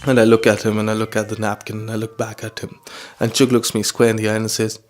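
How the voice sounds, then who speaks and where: A man's voice: on the low side, fast talker. Wry young man telling a comic story. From India. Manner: wry, deadpan anecdote telling. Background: music.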